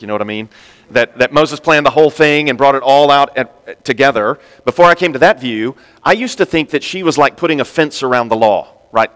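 A man preaching a sermon, animated, acting out quoted speakers with sudden jumps in pitch and loudness. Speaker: pastor. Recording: long reverb in a large hall.

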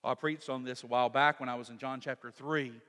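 A pastor preaching a sermon in an animated way, rising to shouts for emphasis. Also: male voice, medium pitch, brisk. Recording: long hall reverb.

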